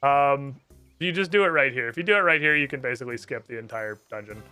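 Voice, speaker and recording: A man's voice: medium pitch, fast talker, bright, forceful tone, clear, resonant tone, faint music behind. A man streaming a game, chatting casually, swearing often and reading the dialogue aloud. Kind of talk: casual gameplay commentary.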